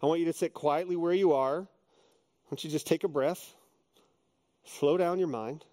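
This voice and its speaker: A middle-aged man preaching a sermon as pastor, earnest and animated, moving between quiet reflection and emphatic exhortation. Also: fairly high pitch, moderate pace.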